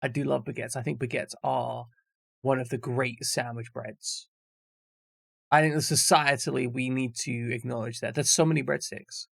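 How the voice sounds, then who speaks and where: Gravelly rambling male streamer. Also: mid-range voice, fairly even intonation, moderate pace, a bit bright, dry recording. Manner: rambling, jokey, swears freely. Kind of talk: casual chat with stream viewers.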